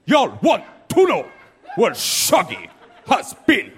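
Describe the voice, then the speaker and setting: A man doing a bad Jamaican accent as a boastful reggae star giving drawn-out stage speeches, heard from far off on a live stage. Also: sits high, huge pitch swings, full character voice. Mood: swaggering. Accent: Jamaican, self-admittedly bad imitation. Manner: drawn-out, shouted. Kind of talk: stand-up impression.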